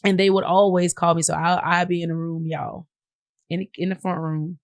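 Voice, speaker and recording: A woman's voice: lowish voice, steady tone, moderate pace, no room sound, clean studio sound. A woman with a Southern US accent hosting a podcast, talking casually and straight to her listeners as "y'all". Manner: conversational, addresses listeners as y'all. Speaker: podcast host. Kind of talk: casual monologue.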